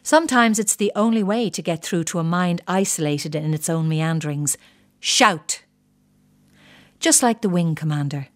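Older woman, narrator, wry measured storytelling, somewhat low voice. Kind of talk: reading a personal story.

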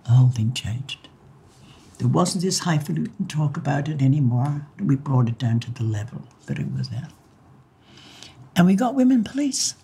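An older Irish woman recalling her life, telling stories in a lively way and acting out the voices of people in them. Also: sits low, moderate pace, creaky, breathy edge. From Ireland. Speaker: interviewee. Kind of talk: personal storytelling.

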